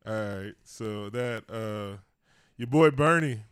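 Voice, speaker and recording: A man's voice: fairly low pitch, slow pace, clear, resonant tone, no room sound, studio quality. A man co-hosting a casual chat show, talking loosely with lots of slang and frequent laughter. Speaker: podcast co-host.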